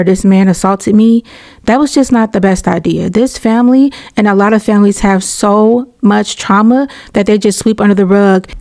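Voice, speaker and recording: A woman's voice: mid-range voice, gravelly, darkish tone. A woman hosting casual reaction commentary, candid and opinionated, talking in a conversational way with slang.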